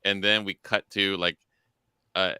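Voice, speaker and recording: Podcast co-host, man; very low, sharp and resonant voice, dry mic, halting starts. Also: flat delivery, clean tone, dry recording. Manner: stammers and repeats words when starting. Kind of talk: casual podcast review chat.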